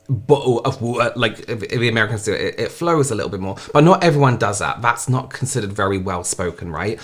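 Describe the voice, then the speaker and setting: A young man from England with a Hampshire accent, reacting to clips in loose, rambling chat full of fillers and restarts. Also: on the low side. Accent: southern English, Hampshire. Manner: rambling, many fillers and restarts, laughs often. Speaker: reaction video host. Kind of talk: casual reaction commentary.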